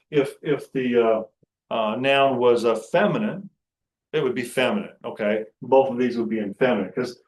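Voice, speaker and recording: A man teaching a Greek grammar class, talking in a halting way with many fillers and restarts. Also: mid-range voice, reverberant, rough recording. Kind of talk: classroom lecture.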